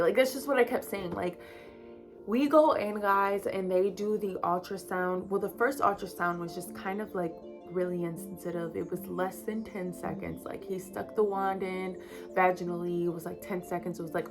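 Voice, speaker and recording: A young woman in her twenties talks straight to her viewers about something deeply personal. She rambles candidly, full of fillers and little asides, at a middle pitch. Faint music sits behind her voice. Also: normal speed. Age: 20s. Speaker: vlogger. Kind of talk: personal storytelling to camera.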